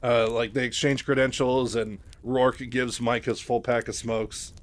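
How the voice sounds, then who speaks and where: A man recaps a book chapter by chapter in a loose, rambling way, full of fillers and restarts. His voice sits at an ordinary middle pitch. It is casual, unscripted storytelling. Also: little pitch movement, unhurried, no room sound. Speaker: narrator.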